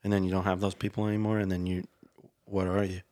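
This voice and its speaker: Male podcast co-host, low voice, playful and laughing, casual banter. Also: level tone, fast, darkish tone. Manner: jokey, laughs often, eager to steer topics. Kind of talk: casual chat.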